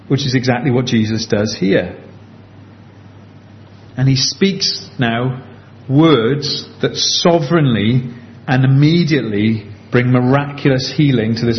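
Earnest man preaching, lo-fi. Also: mid-range voice. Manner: earnest, conversational, slows down for emphasis. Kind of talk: sermon. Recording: dull lo-fi with faint background hiss.

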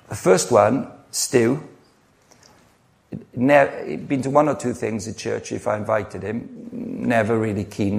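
A man's voice: fairly low pitch, gravelly, darkish tone. A middle-aged man preaching a sermon, earnest and conversational, telling personal stories with frequent restarts. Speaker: pastor.

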